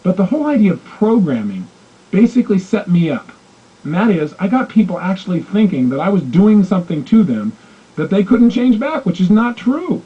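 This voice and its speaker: A man with a high, swooping voice races through a self-help talk and acts out each exchange. His tone is husky and mellow, and the tape sounds dull and lo-fi. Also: normal speed. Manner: animated storytelling, acting out quoted dialogue. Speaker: motivational coach.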